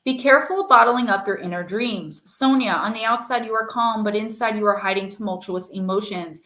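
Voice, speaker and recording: A woman's voice: medium pitch, a little fast, hardly any pauses, pushed and bright. A woman hosts a live oracle card reading, talking in a loose, reassuring way full of "like" and "um." Her voice has a noticeable roomy echo around it. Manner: chatty, filler-heavy, reassuring. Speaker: oracle card reader and live-stream host. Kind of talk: casual live-stream chat and card reading.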